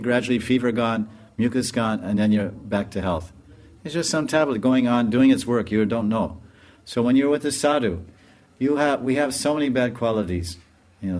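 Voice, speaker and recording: A man giving a storytelling sermon as a spiritual teacher, animated and laughing as he tells it. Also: lowish voice. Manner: animated, laughs while telling.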